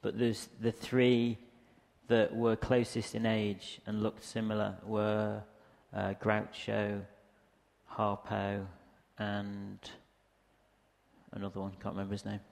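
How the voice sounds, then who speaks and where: A man's voice: lowish voice, monotone, slow pace, creaky, darkish tone. A man giving a casual, rambling lecture with slides, hesitating often with ums, speaking into a microphone in a museum lecture hall. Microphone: handheld or stand microphone.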